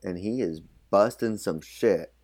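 Low-voiced man, rambling casual chat. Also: a little slow, darkish tone. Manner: loose and hesitant, full of likes and uhs. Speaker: podcast co-host. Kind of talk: casual chat recapping a film.

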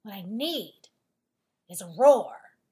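A woman voicing a small, timid but hopeful boy mouse in a storybook reading, squeaky, eager and nervous. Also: animated, slow, dark tone. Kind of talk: storybook read-aloud.

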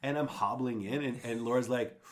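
A man's voice: mid-range voice, fairly even intonation. A middle-aged man co-hosting a podcast in casual chat, joking and backing up his friend. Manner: quick, jokey and supportive. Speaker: podcast co-host.

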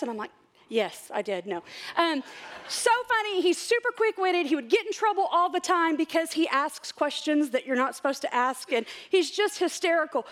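A middle-aged woman, speaking to her church and telling personal stories in a chatty, excited way. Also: high-pitched. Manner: chatty, excited, laughs often.

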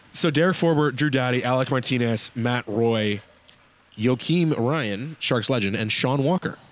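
A man's voice: medium pitch, measured pace. A man co-hosting a casual sports chat, dry and sarcastic, often hesitating with fillers. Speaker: podcast co-host.

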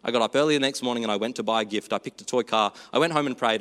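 Earnest preacher man, bright voice. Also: medium pitch, rapid-fire, in a large hall. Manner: earnest, shifts between hushed and animated. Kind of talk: sermon with storytelling. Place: church.

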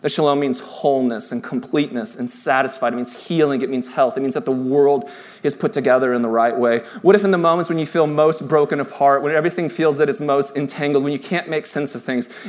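A man preaching an Easter sermon in a church in a conversational style, dropping to soft, hushed tones for tender lines. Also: a little high, steady tone, a little fast. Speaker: pastor.

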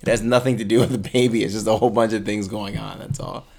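A man's voice: on the low side, fairly even intonation, fast, creaky, a little mellow. A man casually chatting as a podcast co-host, rambling and laughing often. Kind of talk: casual chat.

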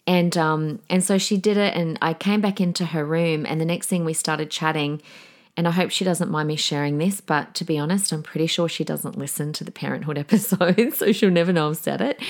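A middle-aged woman hosts a solo podcast in a chatty, candid way. Her voice sits a little low for a woman. She slips into quoted asides as she retells her own thoughts. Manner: chatty, candid, with fillers and laughs. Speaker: podcast host. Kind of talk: casual solo podcast talk.

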